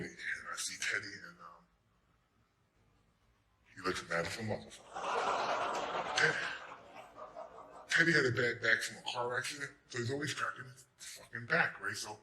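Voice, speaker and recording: Guy telling a wild story on stage, cussing a lot, really bright voice, echoey hall. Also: mid-range voice, moderate pace, pauses often. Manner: profane, animated, jokes with the audience. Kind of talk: live comedic storytelling to an audience. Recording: roomy hall echo.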